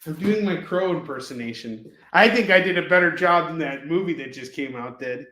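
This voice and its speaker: His voice runs high, brisk, expressive, pushed, and bright as he runs a live shopping stream selling comics. The room echoes while he rambles and jokes his way through pricing each issue.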